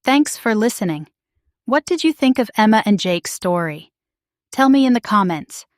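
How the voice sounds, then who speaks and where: A woman's voice: on the high side, expressive, moderate pace, no room sound, studio quality. A woman reading a first-person story in short, simple, carefully spoken sentences for English learners.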